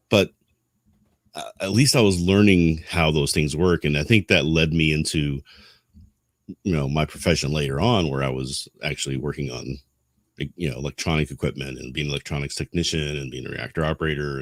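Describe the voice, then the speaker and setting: A man's voice: very deep voice, no room sound, clean studio sound. A middle-aged man co-hosting a casual podcast, rambling and reminiscing with self-deprecating asides. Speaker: podcast co-host.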